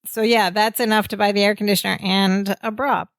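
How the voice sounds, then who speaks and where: A woman's voice: medium pitch, steady tone, brisk, dry recording. Chatty woman podcast co-host. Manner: chatty, talks things through with hedging fillers. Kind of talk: casual recap chat.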